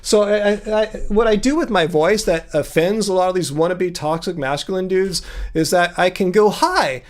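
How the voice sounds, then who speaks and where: A man in his fifties hosts a relaxed livestream from his home music studio. His baritone is sing-song and jumps high whenever he stresses a word, and he speaks at a normal speed.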